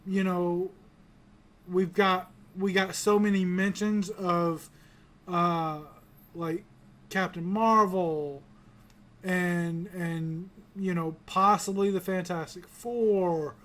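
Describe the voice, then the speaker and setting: A man's voice: high-pitched, fairly even intonation, slow pace, a bit bright. A man from the American South hosting a casual pop-culture review chat, rambling with many restarts and casual swearing. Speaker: podcast host.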